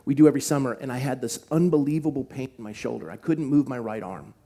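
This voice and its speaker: Mellow-voiced male pastor preaching. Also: mid-range voice, creaky. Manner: earnest, shifts from animated retelling to slow hushed emphasis. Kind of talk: sermon storytelling to a congregation. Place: church.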